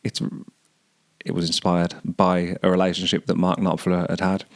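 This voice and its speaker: A man hosting a podcast, musing over song lyrics and often pausing to search for words. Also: low voice, monotone, dry recording, clean studio sound. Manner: hesitant, searching for words, many restarts. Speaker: podcast host.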